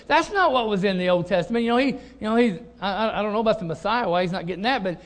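A middle-aged male pastor delivering a sermon in a high, bright-pitched voice. He is animated and leans on repeated phrases to drive his points home. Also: rapid-fire, few pauses.

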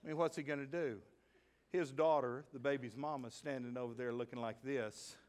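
A man preaching a sermon as pastor in a church, telling a story with animated delivery and sudden shouted emphases. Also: medium pitch, moderate pace. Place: church sanctuary.

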